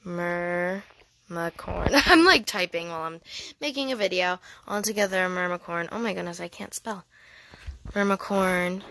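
A woman giving casual, excitable gameplay commentary, gushing and giggly as she thinks aloud. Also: fairly low pitch, moderate pace. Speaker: gaming channel host.

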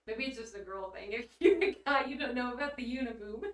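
A woman's voice: fairly high pitch, fast. A woman chatting casually on a livestream, reading her chat aloud, bubbly and giggly with blunt casual swearing. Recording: roomy echo, mic at a distance.

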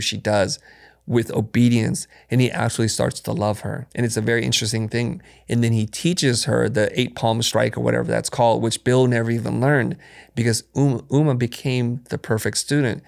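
Gravelly man telling teaching stories. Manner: storytelling, acts out quotes with lively jumps in pitch. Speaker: podcast guest, design educator. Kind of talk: conversational interview answers.

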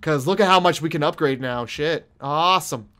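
A young man giving let's play commentary on a horror game, jumpy and profane, yelling at monsters and taunting them. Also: on the high side, moderate pace. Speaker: gaming streamer.

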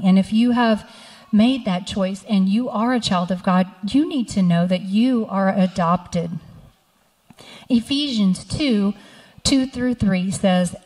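A middle-aged woman pastor preaches in a church sanctuary, telling personal stories and reading scripture aloud. Her voice is medium-pitched with a darkish tone, and the church hall adds reverb.

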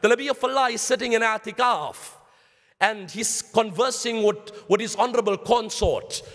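A high-pitched man with a South African accent delivers a sermon, telling stories and calling his listeners brothers while slipping in Arabic phrases. His voice rings through the long reverb of a mosque hall. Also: normal speed, fairly bright tone. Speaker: Islamic lecturer.

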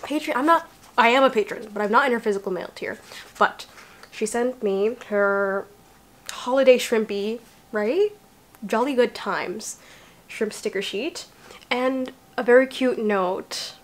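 A woman's voice: on the high side, measured pace. A young woman chatting casually to her viewers as she unpacks a parcel, bubbly and talkative. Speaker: vlogger. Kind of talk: casual unboxing vlog.

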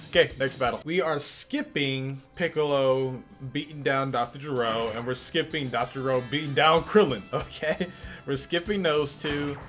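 A man casually commenting on his gameplay as channel host, excitable and profane, yelling when the fight heats up. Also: mid-range voice. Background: game music.

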